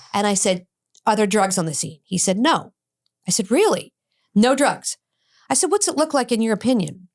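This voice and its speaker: A middle-aged woman talks as a podcast guest, telling a long personal story. She voices the people she quotes with animated shifts, in a voice of middling pitch. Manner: animated, acts out quoted dialogue. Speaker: addiction expert guest.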